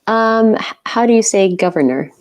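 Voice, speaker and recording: A woman's voice: mid-range voice, lively intonation, moderate pace, darkish tone. A woman from Ukraine, a native Ukrainian speaker, hosting a live stream from home in casual chat, teasing her guest and laughing often. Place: home, on a couch.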